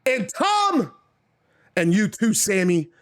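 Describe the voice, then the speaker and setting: A man's voice: high voice, wildly swooping pitch, slow, full character voice. A man doing a cold defiant wrestler.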